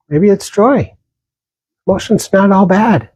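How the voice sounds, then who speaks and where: A man leads a dharma talk as a meditation teacher, speaking very slowly and gently. His voice is husky and a little breathy, and he pauses often and restarts phrases softly. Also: medium pitch, no room sound, poor audio. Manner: slow, gentle, pausing, with small restarts.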